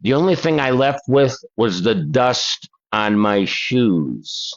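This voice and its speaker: A man's voice: mid-range voice, very animated, takes it slowly, vocal fry, highs cut off. An older man hosting a paranormal channel, reading letters aloud with chatty asides to his viewers. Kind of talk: casual reading of letters and articles.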